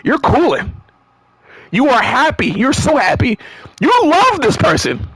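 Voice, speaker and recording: Male streamer, rambling game commentary, swears, laughs a lot, high voice, dry room. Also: big pitch swings, measured pace, fairly bright tone, slightly rough, no echo.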